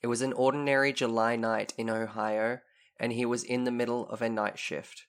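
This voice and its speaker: A man with a gravelly, creaky voice hosts a relaxed chat podcast. He reads eerie internet stories in a mock reporter tone and gets animated when he reacts to them. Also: mid-range voice, normal speed. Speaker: podcast co-host. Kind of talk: casual chat and dramatic story reading.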